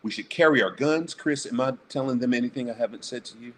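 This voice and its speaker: A man's voice: mid-range voice, fast, slight background noise. A blunt, profane man speaking emphatically as a guest on a casual panel talk show.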